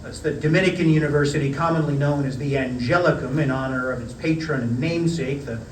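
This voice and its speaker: A middle-aged man reading a prepared lecture in a measured, wry storytelling manner. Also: mid-range voice, a little hiss or hum. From United States. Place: parish hall. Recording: roomy hall, mic at a distance.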